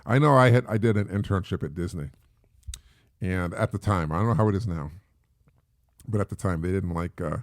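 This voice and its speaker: A man's voice: sits low, fairly quick, long pauses, no echo, clean studio sound. A middle-aged man hosting a solo podcast, talking in a rambling, casual way with many fillers and repeats. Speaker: podcast host.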